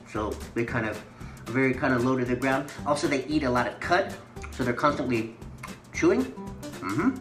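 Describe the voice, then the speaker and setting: A woman's voice: rumbling low, fairly bright tone. A woman teaching children a playful mime and movement lesson, giving sing-song, encouraging instructions. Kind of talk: guided movement lesson for kids. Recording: echoey room with faint music.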